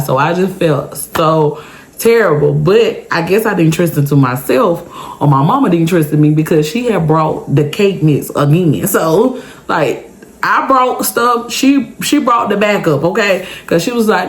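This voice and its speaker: A woman casually telling a personal story to her viewers in a chatty, animated way, often checking in with "okay?". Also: normal speed. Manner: big pitch jumps for emphasis. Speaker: storytime vlogger.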